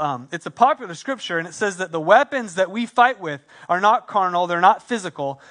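A man with a high voice preaches, winding a personal anecdote into a sermon point. His tone is bright and forceful, and he talks animatedly, acting out his inner thoughts as he tells the story. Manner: animated storyteller, quick asides, acts out his own thoughts. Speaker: pastor.

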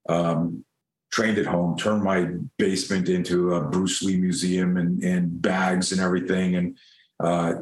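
A man guest on a podcast, telling a story in a lively, animated way, swearing casually and acting out the scenes. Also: sits low, roomy sound, low-quality recording.

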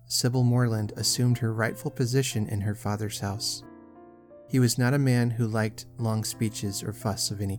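A man with a mid-range voice reads a classic novel as an audiobook narrator, delivering the scripted text in a steady, measured way.

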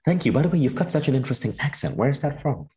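A man's voice: mid-range voice, sing-song, rapid-fire, darkish tone, poor audio. A man hosting a podcast interview, introducing his guest with upbeat enthusiasm. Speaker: podcast host.

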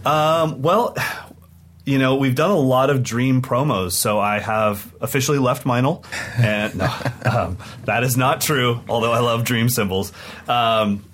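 A man co-hosting a podcast, telling stories in an excited, rambling way in casual chat. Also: mid-range voice, unhurried, slight background noise. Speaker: podcast co-host and touring drum clinician.

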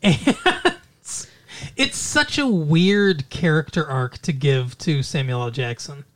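A podcast co-host in casual movie chat, rambling through plot retellings in an animated way. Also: mid-range voice, slow pace.

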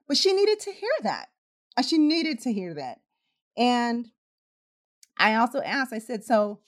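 A middle-aged woman, a transport nurse, telling a story from work in a monologue and acting out both sides of the dialogue with rising indignation. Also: medium pitch.

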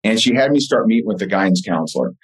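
A man's voice: on the low side, expressive, quick pace, breathy edge, poor audio. A man speaking as an interview guest, telling personal stories earnestly with many fillers and restarts. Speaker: podcast guest and author. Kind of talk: casual interview storytelling.

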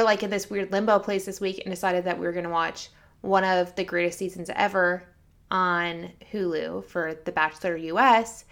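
A woman co-hosting a podcast in casual chat, retelling scenes in a chatty, animated way. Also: on the low side. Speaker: podcast co-host.

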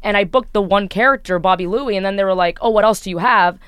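A woman voice actor in a casual panel conversation, eager and agreeable, quick to chime in. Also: mid-range voice, fairly bright tone, smooth, no echo.

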